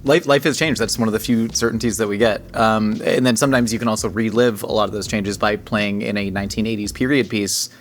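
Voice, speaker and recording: A man's voice: lowish voice, steady tone, fast, few pauses, a little hiss or hum. A man hosting a casual interview over a meal, playfully prompting his guest with researched questions. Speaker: host.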